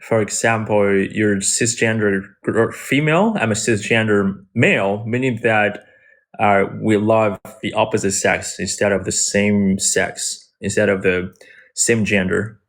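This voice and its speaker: Brief: man, English, hesitant, halting explainer on a stream, lowish voice. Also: steady tone. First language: Mandarin Chinese. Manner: hesitant, lots of fillers and restarts, explaining. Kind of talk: casual live-stream chat.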